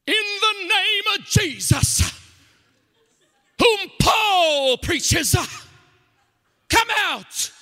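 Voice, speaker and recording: A man shouting a brash young exorcist's command in a Southern accent, loud and drawn out. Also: extremely high pitch, animated, drawn-out words, long pauses, voice pushed up, heavily acted. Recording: long hall reverb.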